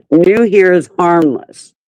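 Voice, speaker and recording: This is a woman hosting an open chat panel who teases her guests and laughs easily. She talks slowly and takes her time. Her voice sounds dry and close to the mic. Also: lowish voice, a little mellow, no echo, dull audio. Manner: teasing, laughs often. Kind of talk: casual group chat.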